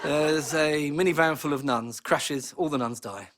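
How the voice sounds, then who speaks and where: A man's voice: a little high, fairly bright tone, a little hiss or hum. A man rattling through a joke. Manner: rapid storyteller. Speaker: comedian. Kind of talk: telling a joke.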